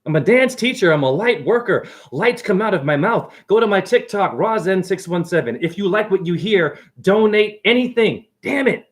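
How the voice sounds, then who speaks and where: A man rambling excitedly and preachily through a livestream monologue from his apartment, jumping from idea to idea. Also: sits high, normal speed, hardly any pauses. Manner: excitable, preachy, jumps between ideas. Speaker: self-styled spiritual teacher.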